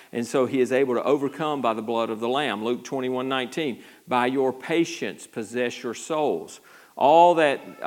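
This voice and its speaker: Man preaching in a stammering conversational way. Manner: conversational teaching with frequent stammered restarts; animated, jumps high when acting out quotes. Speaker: pastor. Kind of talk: sermon.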